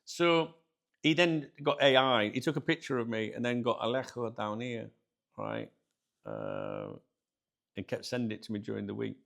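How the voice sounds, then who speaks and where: A man with a British accent hosting his channel, telling a story casually to viewers, chatty and animated, laughing often. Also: mid-range voice, normal speed, vocal fry. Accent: British English. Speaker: channel host.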